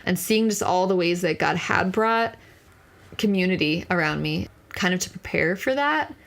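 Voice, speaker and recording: A woman's voice: fairly low pitch, animated, moderate pace, vocal fry, a bit bright. A young woman in her twenties, a podcast guest telling a personal story in an earnest, candid way, full of casual fillers. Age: 20s.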